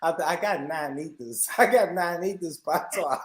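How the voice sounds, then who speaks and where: A man's voice: fairly high pitch, normal speed, roomy sound, a little hiss or hum. An American man on a live stream, talking in casual banter, laughing and mocking himself, repeating his phrases.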